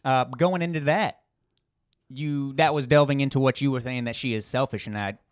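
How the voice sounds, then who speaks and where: Animated sarcastic man podcasting. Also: mid-range voice, normal speed, smooth, dry recording, clean studio sound. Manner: animated, sarcastic, laughs often. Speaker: podcast co-host. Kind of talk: casual chat.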